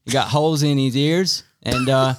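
A man's voice: medium pitch, moderate pace. A man, a podcast guest, reading sponsor plugs in a joking, hammy way. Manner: playful, hammy, laughing. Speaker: podcast guest, enduro rider. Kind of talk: joking sponsor reads in put-on accents.

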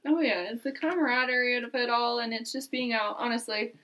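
A woman guest on a podcast, chatting casually as a lively storyteller. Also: a little high, a little fast. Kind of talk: casual chat.

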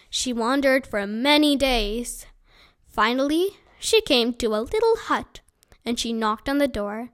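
A woman reading a children's book aloud as a storyteller, gentle and unhurried. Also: high-pitched.

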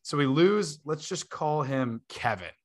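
A man's voice: a little high, animated, unhurried. A man in his twenties, a podcast host, telling a long story in a casual way, full of fillers and laughing asides.

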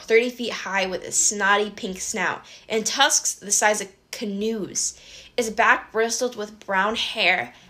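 Bright, expressive woman narrating an audiobook. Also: mid-range voice. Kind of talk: first-person audiobook narration.

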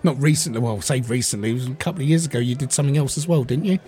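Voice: medium pitch, racing, dark tone. A speaker from Britain hosting a casual chat, asking questions and rambling with repeated words. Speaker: host.

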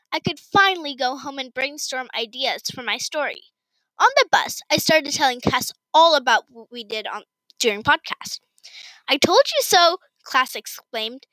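A woman reading her own story aloud in first person, with an expressive, excited delivery. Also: sits high, dry recording, poor audio.

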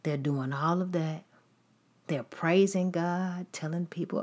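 A woman's voice: fairly low pitch, steady tone, measured pace, darkish tone. Woman preaching in emphatic repetition. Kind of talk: sermon.

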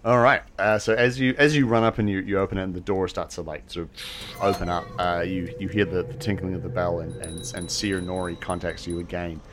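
A man narrating as game master for a tabletop game, halting often with fillers and restarts. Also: sits low. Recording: steady background hiss.

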